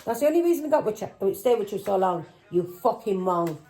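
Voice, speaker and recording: A woman's voice: mid-range voice, lively intonation, a little fast, warm tone, low-quality recording. Angry woman tarot reader. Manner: angry, accusing, swearing, with taunting questions. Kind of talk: tarot reading vlog.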